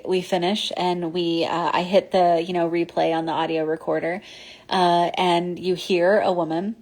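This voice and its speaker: A woman telling a personal ghost story in a casual, rambling way, full of fillers and restarts. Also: lowish voice. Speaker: podcast host.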